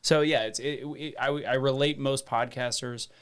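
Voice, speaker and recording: A man's voice: medium pitch, fairly even intonation, moderate pace, a bit bright, clear, resonant tone. A man with a mid-range voice speaks as a podcast guest. He talks bluntly and swears freely, voicing strong opinions in casual chat.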